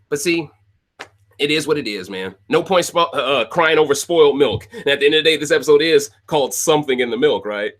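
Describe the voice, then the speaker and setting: A man delivers a casual, opinionated rant to his viewers, repeating his points for emphasis. His voice sits a bit high for a man. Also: fairly bright tone. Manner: opinionated, repeats phrases, talks to viewers directly. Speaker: podcast host recapping a reality show.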